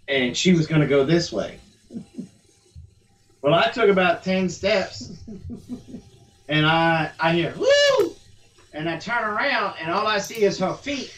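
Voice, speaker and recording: A man's voice: fairly high pitch, fairly bright tone. A man hosting a live chat and telling stories in a folksy, chatty way. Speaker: host. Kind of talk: storytelling in casual chat. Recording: distant mic with faint noise.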